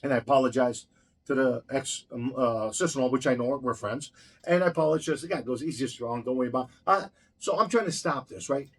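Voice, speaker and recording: A man's voice: mid-range voice, brisk, slightly rough. A man who owns a restaurant tells a heated, profane story in an interview, blunt and swearing constantly as he acts out each exchange. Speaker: restaurant owner.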